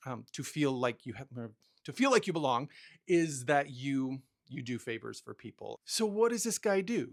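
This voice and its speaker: A man with a gravelly, fry-edged voice at a middle pitch talks through personal advice in a casual monologue. He tells stories about himself candidly and self-deprecatingly, often restarting his sentences. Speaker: podcast host.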